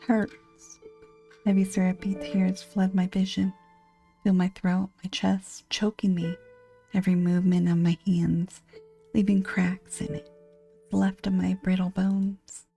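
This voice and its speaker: A woman giving a whispered horror game narration, hushed and anguished, over faint music. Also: medium pitch, flat delivery, a little slow, gravelly. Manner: hushed, anguished first-person storytelling.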